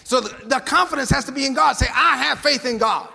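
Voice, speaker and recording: High, gravelly preacher man in a reverberant hall. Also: fairly quick. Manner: call-and-response preaching, often rising to shouts. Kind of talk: sermon.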